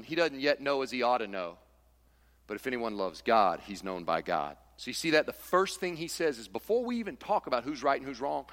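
A man preaching a sermon in an animated way, acting out the voices of church members. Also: mid-range voice. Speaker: pastor. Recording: long hall reverb.

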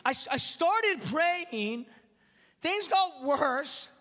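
A man's voice: very high-pitched, expressive, extremely slow, bright, forceful tone. A man preaching as a pastor, telling a personal story with self-deprecating humor and often repeating words as he restarts sentences. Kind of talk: sermon. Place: church auditorium. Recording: long reverb in a large church hall.

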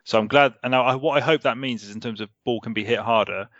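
A man's voice: medium pitch, fast, fairly bright tone, no room sound. A man co-hosting a casual podcast chat, rambling, hedging a lot and swearing casually. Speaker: podcast co-host. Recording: slightly muffled dry recording.

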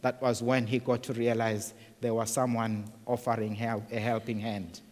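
A man's voice: medium pitch, little pitch movement, moderate pace, darkish tone, long reverb tail. A man preaching a sermon in an earnest way, often repeating words and restarting phrases.

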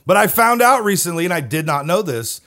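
A male podcast co-host with a fairly high voice for a man, chatting easily. He tells his stories in a loose, talkative way and laughs often along the way. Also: sing-song, a little fast, sharp tone. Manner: chatty storyteller, laughs often while telling anecdotes. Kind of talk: casual chat.

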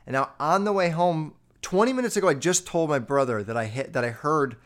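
A man with a fairly high voice talks fairly quickly, telling a story in a casual monologue. He swears freely, rambles, and fills nearly every line with "like." He's animated and speaks directly to his listeners.

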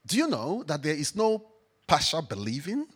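A man preaching a sermon as pastor, emphatic, swinging between loud declarations and quiet reflection. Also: on the high side, wildly swooping pitch, moderate pace, slightly rough.

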